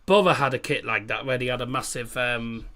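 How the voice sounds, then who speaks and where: A man's voice: medium pitch, fairly quick, bright, forceful tone. A British man hosting a live football watchalong, chatting casually and rambling with laughs between remarks. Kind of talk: casual live match commentary.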